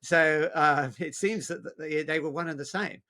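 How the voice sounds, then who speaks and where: A man's voice: on the high side, normal speed, pushed and bright. A man on a discussion panel making conversational points, hedging with "so" and "um" as he goes. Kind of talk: casual discussion.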